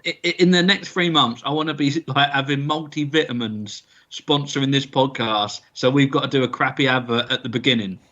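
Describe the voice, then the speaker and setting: Man podcast co-host, bright, keen and rambling, mid-pitched. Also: muffled recording. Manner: enthusiastic, rambling with restarts. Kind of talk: bantering comedy podcast chat.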